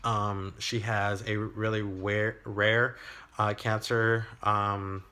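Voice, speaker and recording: A young man, telling a personal story in a video diary, halting, with many fillers and restarts. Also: fairly low pitch, little pitch movement, sharp tone. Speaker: vlogger.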